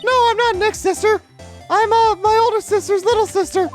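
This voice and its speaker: A woman voicing a bubbly teenage girl sidekick in a high, squeaky, excitable voice. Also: normal speed, soft background music. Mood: chirpy.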